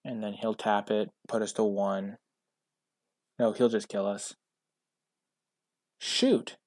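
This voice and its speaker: A man with a fairly low voice talks through a card game for his channel. His commentary is wry and self-mocking, and it breaks into sudden excited outbursts. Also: unhurried, dry recording, studio quality. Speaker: gaming channel host.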